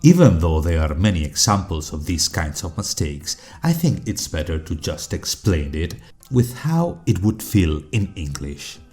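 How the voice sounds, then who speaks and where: A man whose first language is Spanish, narrating a video essay with dry, critical, measured delivery. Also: low voice, big pitch swings, darkish tone. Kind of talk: scripted narration.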